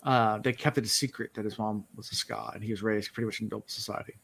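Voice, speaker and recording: Male co-host, relaxed storyteller, recaps scenes for a book podcast. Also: fairly low pitch, fast talker, gravelly, a little hiss or hum. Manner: relaxed storyteller, quotes characters in his own voice. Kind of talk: casual book-discussion chat.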